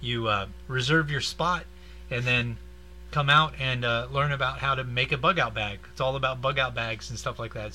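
A man's voice: mid-range voice, steady tone, moderate pace, bright, forceful tone, a little hiss or hum. A man in casual chat, telling a rambling joke and laughing at his own lines. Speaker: comedian.

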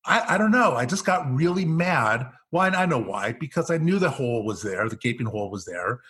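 Middle-aged male coach, storyteller who acts out quoted lines, medium pitch. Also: animated, fairly quick, a bit bright, slightly rough. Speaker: executive coach, guest. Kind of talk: podcast interview, telling a story.

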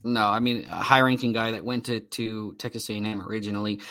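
Easygoing low-voiced man rattling off stats. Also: fairly even intonation, fast, sharp tone, no echo. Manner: easygoing, rattles off stats with fillers and self-deprecating asides. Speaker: podcast co-host. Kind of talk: casual fantasy football podcast talk.

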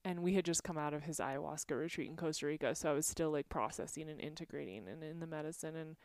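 A woman's voice: sits low, fast talker, a little mellow, no echo, studio quality. A woman telling personal stories in a candid, emotional conversation among friends, speaking frankly and sometimes swearing. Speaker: podcast guest.

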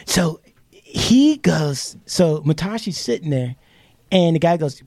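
A man's voice: a little high, animated, slow, darkish tone, no echo. A man co-hosting a podcast, telling a long story in casual chat, swearing freely and acting out the quotes. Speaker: podcast co-host. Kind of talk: casual storytelling among friends.

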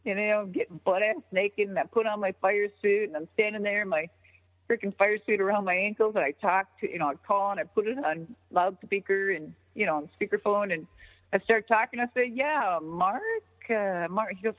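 A woman telling a story in casual chat, animated and profane, often jumping into an excited high voice. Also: moderate pace. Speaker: podcast guest. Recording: tinny phone-line sound with long reverb.

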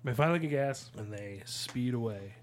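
A man's voice: mid-range voice, lively intonation, moderate pace, background noise. A young man from the Midwest with a Chicago accent, co-hosting a casual movie chat, swearing freely and laughing often. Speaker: podcast co-host.

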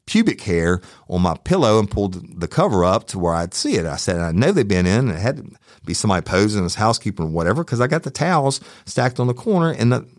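A man's voice: lowish voice, fast, no room sound, studio quality. A middle-aged man, hosting a true crime podcast and telling a story in a heated, profane way. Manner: profane, heated, animated retelling. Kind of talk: storytelling, casual monologue.

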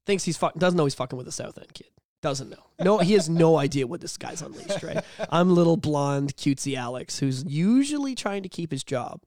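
A man's voice: fairly high pitch, fairly quick, dry recording, studio quality. A young man co-hosting a podcast, telling profane stories in casual chat and acting out the voices of people in them. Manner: animated storytelling, profane, acts out voices. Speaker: podcast co-host.

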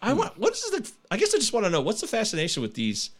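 A man's voice: sits high, wildly swooping pitch, fast talker, slightly rough. A man co-hosting a podcast, chatting casually and playfully about movies. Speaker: podcast co-host.

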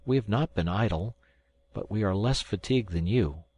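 A man voicing a calm devout mother. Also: fairly low pitch, moderate pace, breathy edge. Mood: soothing.

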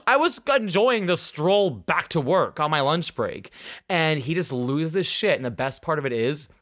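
A man's voice: a little high, animated, a little fast, a bit bright. A young man hosting a podcast, telling a story in casual chat, acting out the voices of people he quotes and swearing freely. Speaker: podcast host.

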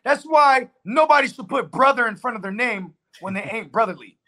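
A man co-hosting a casual sports show, with a high, bright voice. He talks in a loose, slangy, animated way and swears freely. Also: moderate pace. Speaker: sports podcast co-host.

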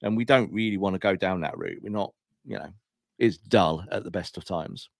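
A man co-hosting a football podcast, talking in an animated, emphatic and opinionated way, with quick asides. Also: deep voice, creaky, no room sound, clean studio sound. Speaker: podcast co-host.

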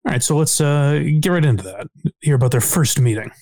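A man hosting a podcast in casual chat, hesitant, with many fillers and sudden upward pitch jumps. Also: animated, brisk, warm tone, dry recording. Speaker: podcast host.

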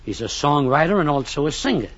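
A man's voice: fairly high pitch, very animated, fast, a bit bright, breathy edge, dry recording. Mock-pompous old-time radio comic narrator, man. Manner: mock-pompous and long-winded, with grand phrasing. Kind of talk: 1940s radio comedy monologue. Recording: dull old radio recording.

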